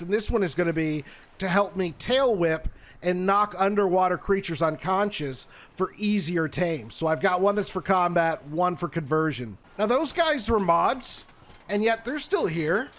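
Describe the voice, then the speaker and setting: High-voiced, animated male gamer. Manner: animated, exasperated, talks to the game. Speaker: gaming YouTuber. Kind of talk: live game commentary.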